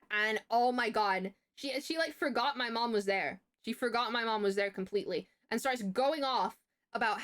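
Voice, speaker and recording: A young woman streamer telling a story in casual chat, animated and profane, laughing and stumbling over her words. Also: medium pitch, moderate pace.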